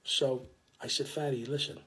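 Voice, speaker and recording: A man's voice: medium pitch, steady tone, moderate pace, fairly bright tone. An older man telling a story in a casual, rambling way, full of restarts and blunt street talk. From South Philadelphia.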